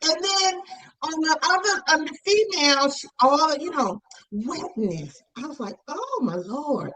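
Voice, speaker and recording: A woman author chatting as a podcast guest, telling animated stories and acting out her parents' voices. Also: sits high, measured pace, rough recording. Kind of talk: casual podcast conversation.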